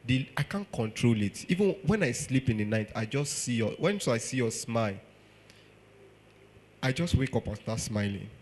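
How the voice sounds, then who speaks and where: A man with a Nigerian accent voicing a lovesick young man who pleads quietly and turns to low threats. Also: animated, normal speed, slight background noise, lightly acted.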